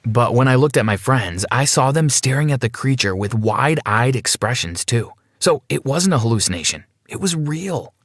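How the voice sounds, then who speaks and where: A man's voice: mid-range voice, expressive, moderate pace, few pauses, no echo, studio quality. A man narrating a dramatic first-person adventure story from a script.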